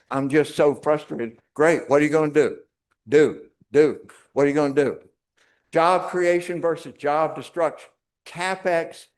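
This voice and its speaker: Casting: middle-aged man, mid-pitched, emphatic and wry public speaker who hammers points home. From North Carolina, US. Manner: emphatic, wry, repeats for effect. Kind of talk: public talk.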